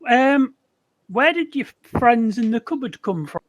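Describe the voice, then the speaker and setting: An older man playing a tabletop game, speaking deliberately with a mock-menacing edge. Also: very high-pitched, very animated, no room sound. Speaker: player.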